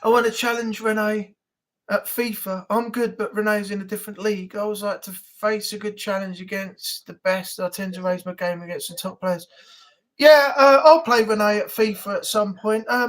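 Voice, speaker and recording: A man's voice: high-pitched, fairly even intonation, moderate pace, fairly bright tone. A man hosting a casual live-stream chat, talking in a rambling, easygoing way with frequent laughs.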